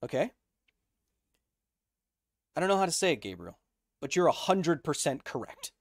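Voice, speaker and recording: A man in his thirties hosting a live stream, reading chat questions aloud and explaining science in an energetic way. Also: fairly high pitch, normal speed, no room sound, clean studio sound. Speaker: host.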